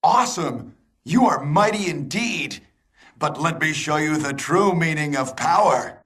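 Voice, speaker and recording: An actor playing a cheery, upbeat vampire-hunter hero in a video game, sounding like a jock. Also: male voice, on the high side, animated, unhurried, fairly bright tone, slightly rough, full character voice.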